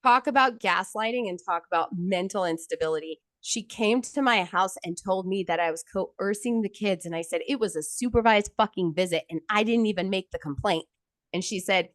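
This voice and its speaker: This is a woman in her thirties talking openly about her own experiences, crude and direct, getting lively when quoting people. Her mid-range voice moves at normal speed, and the recording is dry.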